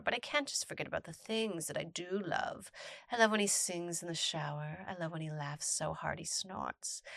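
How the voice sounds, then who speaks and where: Bright, lively woman reading a story. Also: on the low side, no echo, clean studio sound. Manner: animated, playful reactions between readings. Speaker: storytime narrator reading posts. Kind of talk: reading a post aloud with commentary.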